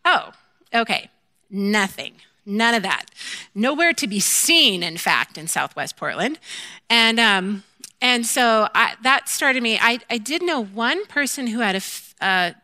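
A woman giving a candid, self-deprecating personal faith testimony, telling her story in an animated way and acting out her own quoted lines. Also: fairly high pitch, unhurried, no echo. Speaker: mother sharing a faith testimony.

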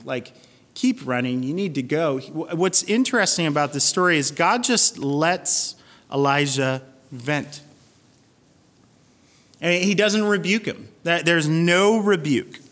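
A man's voice: on the high side, a bit bright, big-room sound. A man preaching a sermon in an earnest, conversational way. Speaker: pastor.

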